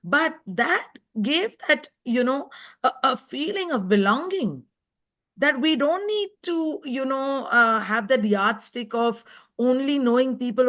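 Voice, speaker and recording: A woman's voice: sits high, expressive, slow, fairly bright tone, highs cut off. A woman guest speaker and author giving an earnest, emphatic talk on an online panel. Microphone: video call.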